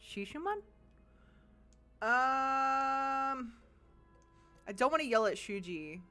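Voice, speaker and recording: Woman streamer rambling thru a game, swears a bunch, low music behind. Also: lively intonation, takes it slowly, bright, forceful tone. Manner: thinking aloud, swears casually. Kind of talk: casual gameplay commentary.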